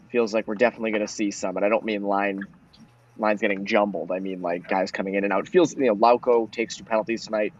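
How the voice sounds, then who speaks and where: A man co-hosting a postgame hockey discussion, talking casually and rambling, filling his sentences with "like" and "um". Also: lowish voice. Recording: dull lo-fi audio.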